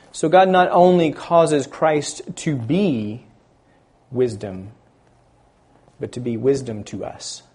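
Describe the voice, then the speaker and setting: A man preaching a sermon, building loud on key words and dropping quiet at the ends of phrases, stressing scripture slowly. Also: mid-range voice, expressive, husky. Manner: slow, deliberate emphasis on scripture phrases.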